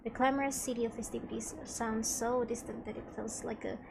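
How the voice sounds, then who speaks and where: A woman's voice: fairly high pitch, fairly even intonation, a little fast, creaky, background noise. A woman streaming a video game, reading its dialogue aloud and chatting casually as she plays. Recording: game music playing behind.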